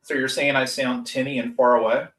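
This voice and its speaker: A man's voice: mid-range voice, little pitch movement, a little fast, fairly bright tone. A man joining a live stream remotely from an upstairs room at home, chatting in an easygoing way and asking questions. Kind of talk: casual live-stream chat. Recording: distant, roomy mic.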